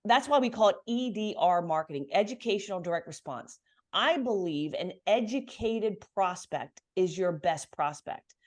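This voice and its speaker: A woman coaching business owners on pricing and sales, talking in a brisk, emphatic, confident way. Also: medium pitch, expressive, a little mellow. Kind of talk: coaching call.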